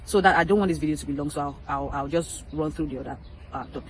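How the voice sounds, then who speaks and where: A woman's voice: deep voice, fast, a little hiss or hum, rough recording. A woman talking casually to her viewers in a vlog, chatty and emphatic, repeating her points and dropping playful asides, in a public place. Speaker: crypto vlogger.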